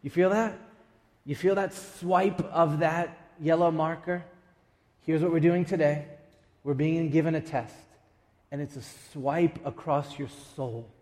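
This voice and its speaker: A male pastor delivers a sermon in a church, slow and emphatic, leaning on dramatic pauses and quick asides. His voice sits a little high. A long reverb from the hall trails after each line. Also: a little mellow. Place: church sanctuary.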